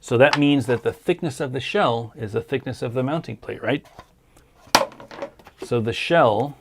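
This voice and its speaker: A man's voice: medium pitch, a little slow, very noisy. A man hosting a casual livestream, answering viewer questions in an easygoing, hesitant way, tired and losing his voice. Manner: easygoing, hesitant with many ums.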